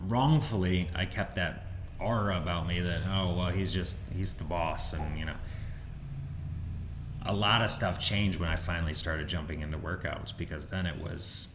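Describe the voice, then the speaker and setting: A man with a very low voice talks in a loose, rambling way as a podcast host. The room rings with echo and a faint hum sits behind him. He slips into bigger voices when he quotes people. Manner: relaxed, rambling, acts out quotes with a raised voice. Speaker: gym owner and podcast host. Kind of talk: casual podcast chat. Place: gym. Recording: roomy echo with faint ambience.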